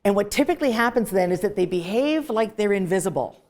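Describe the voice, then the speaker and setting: A woman professor with a Canadian accent lecturing a class in a classroom, lively and emphatic, stressing words for effect. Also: mid-range voice, quick pace.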